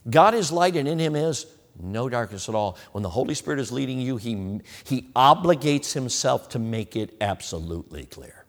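A man's voice: mid-range voice, sing-song, normal speed, hardly any pauses, big-room sound. A man preaching a sermon, acting out the questions of imagined listeners as he goes.

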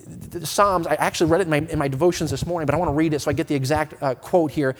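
A man in his thirties preaching a sermon to his congregation, swinging from quiet earnest talk to loud impassioned appeals, often stumbling and restarting his words. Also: fairly high pitch, fairly even intonation, rapid-fire. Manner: stammering restarts. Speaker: pastor. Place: church sanctuary with a congregation. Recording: long reverb of a church hall.

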